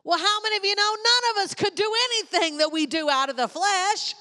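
A woman's voice: extremely high pitch, fairly quick, pushed and bright. Woman preaching in an echoing church hall. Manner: emphatic, repeats lines for effect. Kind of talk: sermon. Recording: long hall reverb.

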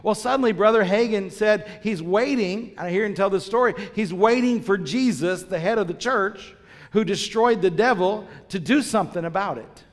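A man's voice: sits high, normal speed. A man preaching a sermon, emphatic, repeating phrases and asking the congregation questions. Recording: long reverb of a large church hall.

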